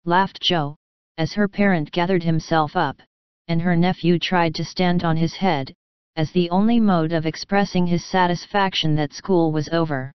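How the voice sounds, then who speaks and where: A woman reading a classic novel aloud as narrator, in a measured, even storytelling manner. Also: on the low side, clear, resonant tone, dry recording, dull audio. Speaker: audiobook narrator.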